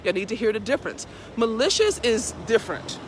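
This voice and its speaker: A woman's voice: a little high, brisk, background noise. A woman hosting a casual live stream, talking bluntly and preachily with lots of swearing while walking her dog outdoors. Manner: blunt, profane, preachy and animated. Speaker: live video host.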